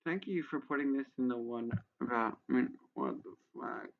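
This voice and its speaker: A man's voice: mid-range voice, normal speed, vocal fry. Exasperated man ranting, dull lo-fi mic. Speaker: video creator. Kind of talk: sarcastic commentary reading a how-to page.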